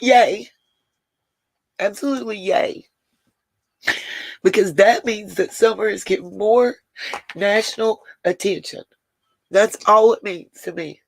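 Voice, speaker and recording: Woman livestream host, emotional, dry close sound, mid pitch. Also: unhurried, creaky, long pauses, no room sound. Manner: talks to chat viewers by name, Southern "y'all". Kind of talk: casual livestream chat.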